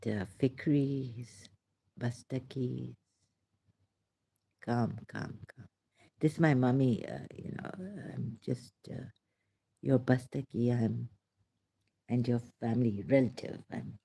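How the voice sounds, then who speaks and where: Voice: mid-range voice, mellow. A vlogger talking in a rambling solo monologue, laughing often and sighing between thoughts.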